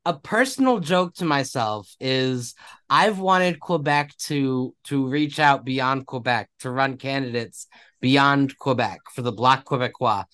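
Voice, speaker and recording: A man's voice: mid-range voice, measured pace, fairly bright tone. Jokey self-deprecating male podcast co-host. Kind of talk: casual chat.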